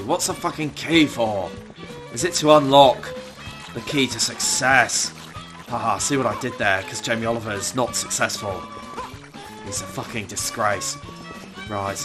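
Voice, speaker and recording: A man's voice: medium pitch, lightly acted. A man doing a swearing furious chef. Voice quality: constant swearing, exasperated sighs. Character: foul-mouthed furious male celebrity chef. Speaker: gamer doing a parody voice. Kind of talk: comedic gameplay commentary.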